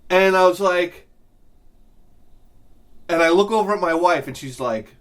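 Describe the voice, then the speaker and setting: A middle-aged man telling a rambling, self-mocking comic story with lots of swearing and loud bursts of laughter. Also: high voice, measured pace. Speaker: video game collector vlogger.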